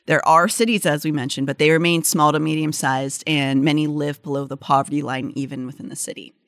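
A young woman co-hosting a podcast in a chatty way, with a Pittsburgh accent and a fairly low voice. She slips between loose banter and read-out facts, full of "like" and restarts. The recording is dry and close. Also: no echo. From Pittsburgh area, United States. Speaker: podcast co-host. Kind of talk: casual chat mixed with read-out facts.

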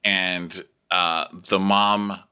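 A man's voice: extremely slow, smooth. A man co-hosting a podcast, chatting casually and comically about a reality show. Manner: animated, does high mocking voices when quoting. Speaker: podcast co-host. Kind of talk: casual comedic recap chat.

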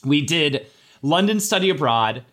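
A man co-hosting a casual gossip podcast, telling animated, sweary anecdotes. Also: on the high side, measured pace. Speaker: podcast co-host.

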